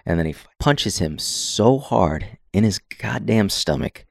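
A man's voice: fairly low pitch, animated, measured pace, creaky, dry recording, clean studio sound. A man casually recapping a film scene by scene with plenty of swearing, acting out the characters' lines. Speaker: podcast co-host recapping a film. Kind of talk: casual chat.

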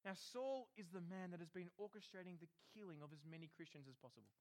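A man preaching with a high, bright-sounding voice. His delivery is animated and lively. He keeps switching into little acted voices for the people in his story. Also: fast. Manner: animated, acts out quotes in voices. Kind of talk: sermon.

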